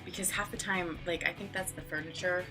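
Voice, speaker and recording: Talking briskly and steadily over music, an online English teacher in her thirties gives a casual vlog explanation full of filler words. She's chatty and acts out classroom moments in high, playful voices.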